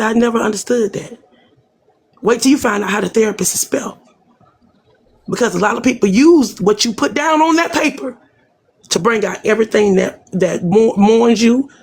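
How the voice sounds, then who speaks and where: High raspy woman giving advice. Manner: advising, reflective, speaks straight to the host. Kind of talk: casual live chat.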